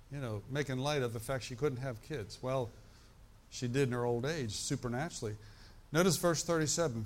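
A man preaching a sermon in a conversational way, often asking his congregation "right?" and "amen?", slowing down to stress scripture. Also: mid-range voice. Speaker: pastor.

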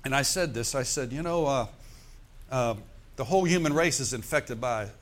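A man preaching a sermon, slowing down to stress key words and asking the congregation "Amen?" between points. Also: medium pitch. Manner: preacher's call-and-response with "Amen?" and "Praise the Lord". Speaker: pastor.

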